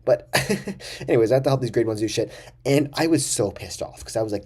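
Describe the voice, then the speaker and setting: A young man with a fairly low, dark, mellow voice tells a story straight to camera. He rambles, swears freely and exaggerates for comic effect in a loose vlog style. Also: quick pace, husky. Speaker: vlogger.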